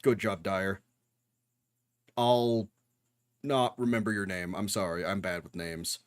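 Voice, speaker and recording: A man's voice: deep voice, steady tone, slow, clean tone, no echo, studio quality. A young man giving casual reaction commentary while watching anime, talking back to the screen with jokes and swearing.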